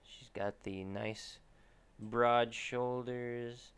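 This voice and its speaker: A man's voice: medium pitch, steady tone, extremely slow, a bit bright, clear, resonant tone. A young man streaming himself drawing, chatting casually and thinking aloud with lots of restarts. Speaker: artist streaming a drawing session. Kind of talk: casual commentary while drawing.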